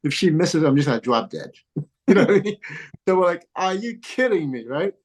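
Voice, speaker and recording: Speaking fairly quickly with a higher, lively voice that's a bit mellow and breathy, this middle-aged golf coach animatedly tells stories during a podcast interview. He laughs a lot and mimics those he quotes; he moved to the U.S. as a child and his son or daughter golfs professionally, though the audio quality is poor.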